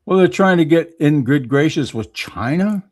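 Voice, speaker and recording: A man's voice: fairly high pitch, expressive, unhurried, darkish tone. Easygoing man hosting a chat show, chiming in often. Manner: easygoing, frequent agreeing interjections. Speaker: host. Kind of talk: casual political chat.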